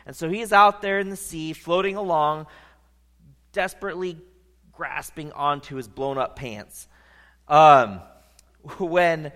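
A man preaching a sermon, telling a story in an animated, conversational way. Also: a little high. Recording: long reverb of a large hall.

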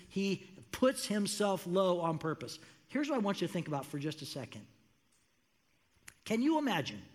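High-voiced pastor preaching in a reverberant hall. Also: male voice. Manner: animated, acts out quoted voices with rising pitch. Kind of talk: sermon. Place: church sanctuary.

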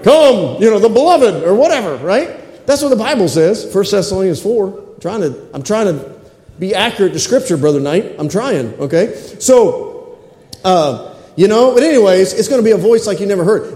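A male pastor preaching a sermon into stage microphones, fervent and excitable, calling for amens. His voice sits high for a man. The church hall around him rings with echo. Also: normal speed. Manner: excitable, calls for amens from the congregation. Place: church sanctuary.

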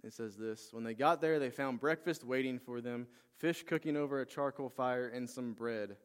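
A man preaching a sermon, retelling a Bible story with lively acted-out lines and rising energy. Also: medium pitch, moderate pace, clean tone. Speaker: pastor.

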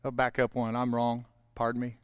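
A man preaching a sermon, folksy and direct with his congregation, swinging between loud proclaiming and hushed, intimate stretches. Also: mid-range voice, monotone, moderate pace, smooth, dry recording, clean studio sound. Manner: folksy, talks straight to the congregation. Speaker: pastor.

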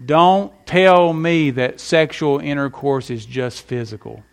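A man's voice: on the high side, slow, vocal fry, smooth. A middle-aged man preaching a sermon with emphatic delivery and folksy stories. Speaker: pastor.

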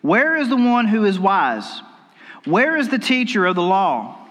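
Male pastor, sermon, folksy storytelling, high voice, reverberant church hall. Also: sing-song, unhurried, fairly bright tone. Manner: folksy storytelling with repeated restarts. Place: church sanctuary.

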